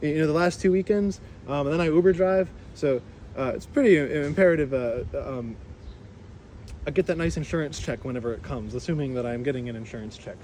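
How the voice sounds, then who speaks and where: Animated man telling a story outdoors. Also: on the high side, fairly quick, slight background noise. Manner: animated, with many fillers and restarts. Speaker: rideshare driver and musician. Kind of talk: casual storytelling vlog.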